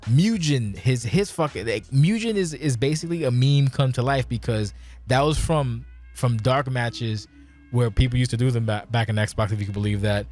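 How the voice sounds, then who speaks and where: A man's voice: medium pitch, normal speed. Tipsy male podcast host, rambling and profane, medium voice, faint music under him. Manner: rambling, profane, animated storytelling. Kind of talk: casual chat.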